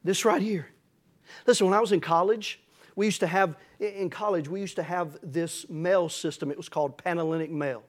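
A man's voice: high-pitched, moderate pace. A middle-aged man preaching a folksy, storytelling sermon that builds to emphatic passages. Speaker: pastor.

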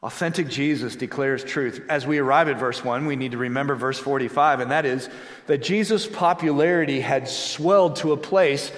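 A man's voice: mid-range voice, fairly quick. A middle-aged man preaching a sermon as a pastor, telling stories with emphatic delivery. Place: church sanctuary. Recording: echoey hall with long reverb.

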